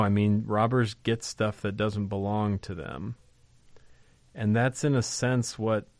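A man teaching from a scripture passage in a conversational but emphatic way, often pausing to ask rhetorical questions. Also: fairly low pitch, a little mellow, no room sound. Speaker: Bible teacher.

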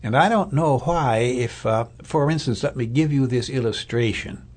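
A man's voice: medium pitch, moderate pace, a little mellow, husky. A man preaching a sermon as a pastor, in a conversational, thoughtful way with fillers and restarts. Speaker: Lutheran pastor or Bible teacher.

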